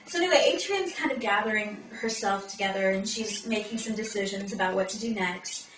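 A woman's voice: medium pitch, fairly quick, a bit bright, faint music behind. A woman co-hosting a comic podcast, recapping a fantasy novel chattily with lots of fillers. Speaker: podcast co-host. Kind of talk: comic book-club recap. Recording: echoey room, mic far off.

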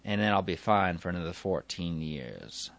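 Odd, earnest stranger, plain and matter-of-fact, as a low-voiced man quotes him. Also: expressive, moderate pace, gravelly.

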